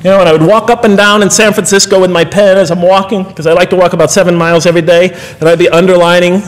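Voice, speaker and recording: A man's voice: high-pitched, level tone, fast talker. A middle-aged man giving a public lecture, earnest and rhetorical, with wry asides to his audience. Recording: long hall reverb.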